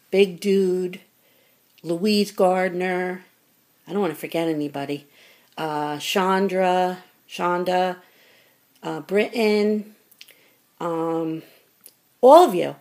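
A middle-aged woman with a low, gravelly voice talks casually to her viewers while opening mail. She gushes with thanks and sounds close to tears with gratitude. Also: darkish tone. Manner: effusive and grateful, gets choked up. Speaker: vlogger opening fan mail. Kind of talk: casual chat to camera.

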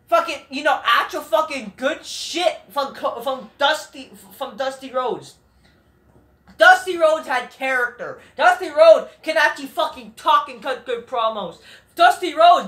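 A man's voice: sits high, bright, forceful tone, reverberant. A man ranting in a wrestling review vlog, angry, cursing nonstop and rambling through restarts. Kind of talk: profane ranting commentary.

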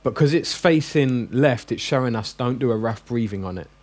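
A man's voice: medium pitch, expressive, moderate pace, a little mellow. A man teaching a classroom language lesson, joking and coaxing his students with questions.

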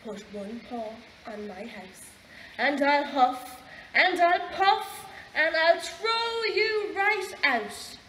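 A woman with an Irish accent voicing a rude little male pig who shouts and drags out his threats, in a storybook reading. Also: mid-range voice, slow pace, far from the mic, a little hiss or hum, natural voice. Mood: rude shouting. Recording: echoey library room.

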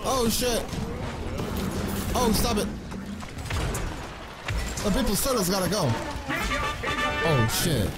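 A man streaming a game, giving loud, hyped, boastful commentary full of swearing. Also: high-pitched, sing-song, slow, long pauses. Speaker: gaming streamer. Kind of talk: excited gameplay commentary. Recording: game music loud behind voice. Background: loud game music.

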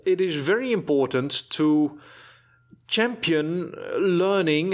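A man presenting a professional training webinar, explaining carefully with frequent fillers and repeated words. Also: fairly high pitch.

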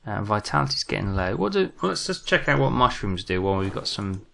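A British man talks through a survival game in a low, gravelly voice with a sharp, bright edge. He mutters to himself, jumpy and self-mocking, as he plays. Casual let's-play commentary. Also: very animated, a little fast. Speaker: gaming commentator.

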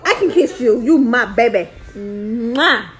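A woman's voice: a little high, very animated, measured pace, crowd noise. A young adult mother chatting in playful sing-song baby talk to her little ones on a phone live stream. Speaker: mother livestreaming with her babies.

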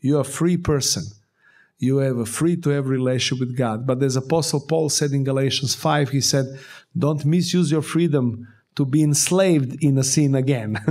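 Man, preacher, sermon, earnest exhortation, mid pitch. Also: a little mellow. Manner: earnest exhortation with short repeated commands. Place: church service.

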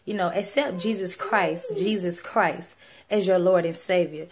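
A woman's voice: fairly low pitch, a little slow, crowd noise. A young woman speaking, giving an earnest, pleading personal testimony on video with many fillers. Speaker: vlogger sharing a religious testimony.

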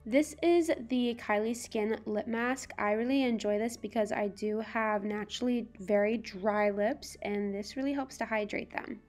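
A woman's voice: on the high side, moderate pace, few pauses, darkish tone, faint music behind. A young woman chatting casually in a beauty vlog, talking to the camera with fillers and small laughs. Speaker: beauty vlogger.

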